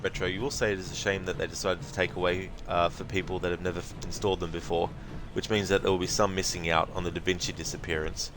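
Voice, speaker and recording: Laid-back low-voiced Australian streamer. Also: male voice, fast, hardly any pauses. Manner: relaxed, chatty, many fillers. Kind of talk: casual gaming commentary.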